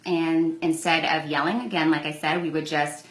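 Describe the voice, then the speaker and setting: A woman's voice: low-pitched, steady tone, normal speed, reverberant, low-quality recording. A young woman telling a personal story in a candid, conversational vlog, acting out the lines in quoted exchanges. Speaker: vlogger.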